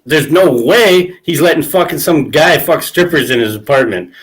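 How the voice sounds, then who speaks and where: A man hosting a podcast, telling crude stories in a casual chat, acting out quotes with big jumps in pitch. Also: normal speed. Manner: animated, acts out quotes with pitch jumps, laughs often. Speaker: podcast host.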